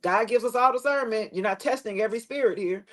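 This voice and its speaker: A woman giving a casual tarot reading to the camera, blunt and preachy, swearing freely and dropping her voice low at times. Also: fast talker. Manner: preachy, blunt and profane, with loose slangy phrasing; drops into a lower tone at times. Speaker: tarot reader.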